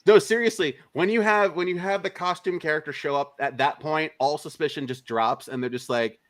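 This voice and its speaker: Man telling animated stories on a stream. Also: a little high, a little fast. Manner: animated anecdote teller who acts out quotes. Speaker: interview guest, filmmaker. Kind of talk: casual storytelling. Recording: live stream call.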